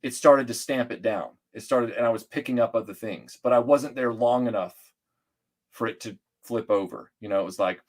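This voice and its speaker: A middle-aged man from Atlanta, a guest telling stories in casual chat, rambling and animated with many restarts and fillers. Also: mid-range voice, moderate pace.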